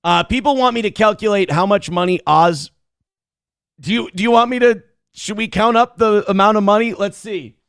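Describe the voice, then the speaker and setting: Gravelly high-voiced man hosting a live show. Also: moderate pace, no echo, studio quality. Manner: profane, excitable, thanks viewers effusively. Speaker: livestream show host. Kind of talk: casual live show, reading out donations.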